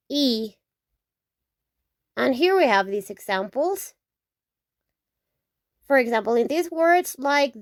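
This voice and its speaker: A woman teaching the Spanish alphabet, saying each word slowly several times and checking in with "okay?". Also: a little high, dry recording, clean studio sound. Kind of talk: slow alphabet lesson with repetition.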